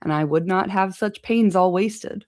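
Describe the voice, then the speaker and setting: A woman voicing a gruff, proud male dwarf warrior in an amateur audiobook reading. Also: mid-range voice, measured pace, a little mellow, no room sound, clean studio sound, lightly acted.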